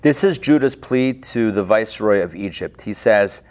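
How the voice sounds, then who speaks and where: A man's voice: lowish voice, animated, normal speed, few pauses, darkish tone. A man teaching an online Torah class over a video call, retelling the text in casual modern speech.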